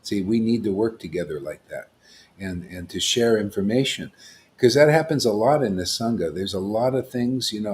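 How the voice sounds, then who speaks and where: A man's voice: lowish voice, slight background noise. A man giving an informal spiritual talk as a teacher, rambling and often checking in with "see?" and "you know.".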